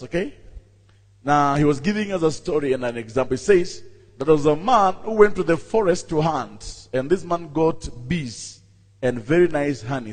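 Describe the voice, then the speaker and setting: Male pastor, sermon, husky voice, animated storytelling, long church hall reverb. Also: mid-range voice. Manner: animated storytelling, acting out characters, calling out to the congregation.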